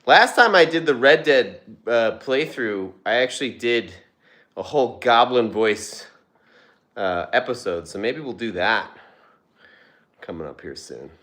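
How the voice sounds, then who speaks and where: A man's voice: medium pitch, animated, unhurried, a bit bright. A young man hosting a casual livestream from home, talking loosely with fillers and restarts, recorded on a phone. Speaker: livestream host and dog owner. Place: home, with dogs nearby. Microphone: phone on a tripod, vertical stream.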